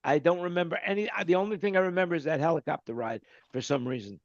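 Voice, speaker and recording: A man with a high voice hosting a casual panel over a video call. He jokes and rambles, letting his lines fade out, and the call audio is dull and dry. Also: quick pace, no room sound. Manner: jokey, rambling, trails off quietly. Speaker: host.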